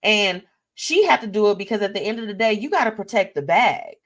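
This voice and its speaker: On a live show, a woman chats casually and sassily about celebrity news, full of animation, and reads viewer comments aloud. She has a mid-range voice and a brisk delivery.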